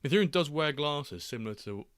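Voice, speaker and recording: A man's voice: on the high side, expressive, normal speed, fairly bright tone, smooth, dry recording, clean studio sound. A man hosting a casual football watchalong livestream, chatting loosely, reading out viewer messages and making jokey asides. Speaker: livestream host.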